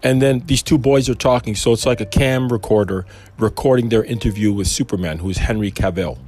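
A man's voice: fairly low pitch, a little fast, darkish tone. A man giving an informal Christian talk, wandering into conversational asides. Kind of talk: informal preaching.

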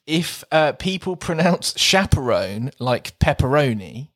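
A man chats on a podcast in a slow, unhurried way, often breaking into laughter as he toys with words. His voice sits at a middle pitch and is recorded close and dry. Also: big pitch swings, fairly bright tone, no room sound. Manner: playful, laughs often, reads out word jokes slowly. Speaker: podcast co-host. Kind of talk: casual chat.

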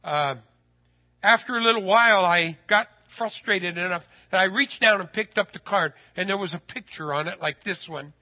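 A man telling a personal story in a sermon, folksy and animated, his voice rising when he gets excited. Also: sits high, normal speed, highs cut off.

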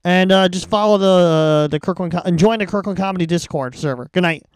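A man's voice: high-pitched, brisk, clean tone, no echo. A man hosting a podcast, giving short reactions and plugging the show. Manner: brief reactions, plugs the show. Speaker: podcast host. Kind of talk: casual chat.

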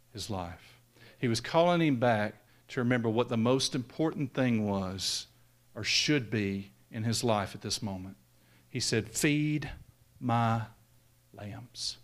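A man preaching a sermon, swinging from loud raised peaks down to hushed, low lines. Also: a little slow.

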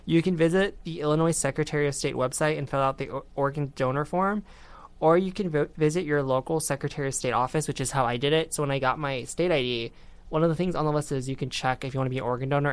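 A woman's voice: a bass voice, clear, resonant tone. A young woman co-hosting a casual student radio show, rambling with lots of fillers and giggles. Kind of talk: casual scripted radio chat.

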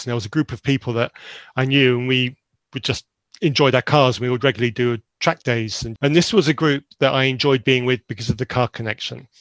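A man's voice: mid-range voice, dry recording. Earnest man recounting his past. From Zambia. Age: around 50. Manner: earnest, candid, halting with restarts. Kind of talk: reflective personal storytelling.

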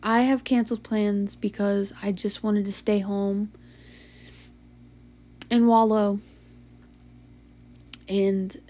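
A young woman hosts her own podcast late at night, sleepy and yawning. She talks slowly and evenly in a soft, halting way, sometimes dropping to a whisper. Her pitch sits mid-range and barely moves. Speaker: podcast host.

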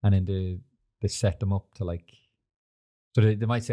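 A young man with a low, mellow voice hosts a laid-back podcast. He rambles from story to story, swears freely and leans on fillers as he goes. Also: steady tone, normal speed. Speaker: podcast host. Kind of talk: casual chat.

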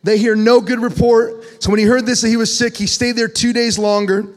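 A man preaching in a church sanctuary with a notably high voice. He jokes, tells stories and reads scripture aloud in an animated way, and a long hall reverb trails each phrase. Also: fairly quick. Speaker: pastor. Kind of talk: sermon.

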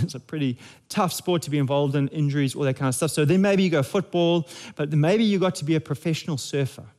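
A man's voice: mid-range voice, a little mellow. A man, preaching a sermon in a conversational, jokey way with frequent restarts. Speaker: pastor.

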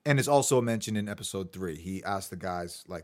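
A man's voice: deep voice, animated, a little fast. A man hosting a casual podcast, running through his notes in a chatty way with fillers. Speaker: podcast host.

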